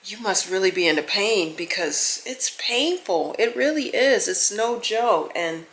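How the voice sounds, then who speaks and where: A middle-aged woman vlogging to camera in casual chat, animated and exclaiming, trailing off into soft musing, with faint music behind. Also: medium pitch, a little slow, slight background noise.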